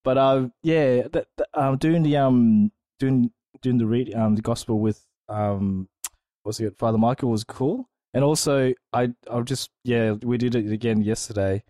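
Man, co-host, animated storyteller, halting restarts, mellow warm voice, dry sound. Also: medium pitch, dry recording. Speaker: podcast co-host. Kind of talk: casual chat.

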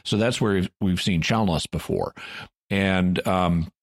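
A man's voice: deep voice, unhurried, no room sound, studio quality. A man co-hosting a podcast, recapping a show with frequent restarts and acted-out quotes. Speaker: podcast co-host. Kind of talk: casual chat, recapping an episode.

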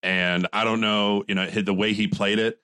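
A man co-hosting a casual movie podcast, unhurried and reflective, chuckling as he talks. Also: lowish voice, little pitch movement, bright, forceful tone, no echo. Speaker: podcast co-host.

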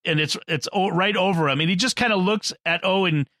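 A man's voice: high-pitched, fairly quick, pushed and bright, no room sound, studio quality. A man in a casual film discussion, retelling the plot, acting out the characters' lines and laughing often. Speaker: podcast co-host.

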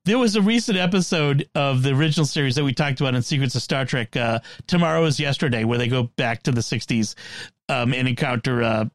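A man's voice: mid-range voice, quick pace, dry recording, studio quality. A man hosting a casual podcast panel, reading headlines and joking with a laugh in his voice. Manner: animated, laughs often, reads out headlines. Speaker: podcast host.

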